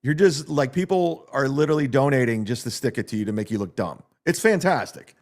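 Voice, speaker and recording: A man's voice: medium pitch, expressive, fairly quick. A man hosting a livestream, ranting in a mocking, sarcastic way and reading viewer donations aloud. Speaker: livestream host.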